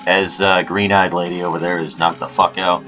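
A man's voice: low voice, little pitch movement, moderate pace, sharp tone. Crude, joking man commenting on a game. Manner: joking, crude, self-mocking. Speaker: let's play host. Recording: dull lo-fi with faint game music.

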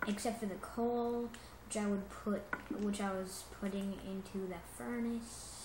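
Chatty woman narrating her game slowly. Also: medium pitch, background noise. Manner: chatty and excitable, corrects herself often. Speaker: gameplay commentator. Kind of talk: rambling casual gameplay commentary. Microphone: phone. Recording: roomy echo with music behind.

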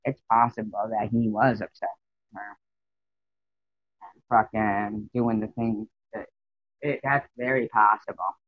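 A woman's voice: rumbling low, fairly even intonation, measured pace, pauses often, dry recording, phone-quality sound, soft background music. A woman chatting casually on a live stream, rambling and emotional as she greets her viewers by name.

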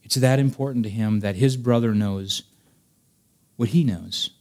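A man preaching a sermon as a pastor, earnest, swinging between emphatic raised passages and quiet storytelling. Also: lowish voice, a little slow. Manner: earnest preaching, rising to emphatic peaks, dropping soft for stories.

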